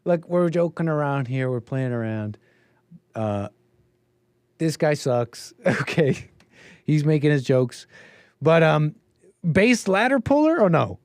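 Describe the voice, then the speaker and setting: A man hosting a casual livestream, his voice sitting a little high for a man. He rambles and hesitates, piling up fillers and restarts. The sound is close and dry, with no room around it. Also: big pitch swings, slow pace, pauses often, dry recording. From Canada. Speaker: livestream host taking calls.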